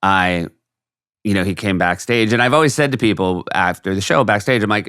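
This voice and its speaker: A man with a very low voice trading jokes on a podcast, talking close to a dry studio mic. He rambles, jumps to asides and laughs at his own bits. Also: expressive, fairly bright tone, clean tone, dry recording. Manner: joking, rambling, quick asides. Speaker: podcast co-host. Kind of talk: casual chat.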